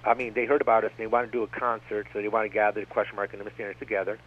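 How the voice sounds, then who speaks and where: A man's voice: fairly low pitch, flat delivery, rapid-fire. A man speaking as a radio guest, rambling and digressive, often circling back with "like I said.". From United States. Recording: tinny phone-line radio broadcast.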